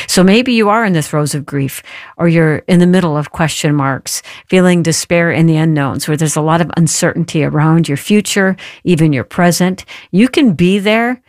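Woman, Christian radio talk host, dry close-mic studio sound, reads quotes slowly. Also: sits low, dry recording. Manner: reads listener notes and book quotes slowly.

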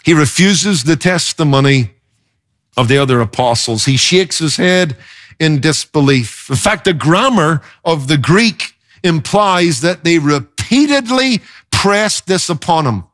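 A male pastor delivering a sermon with a slightly raised voice. He is emphatic and expressive, pushing his pitch up and down to drive points home. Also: a little slow.

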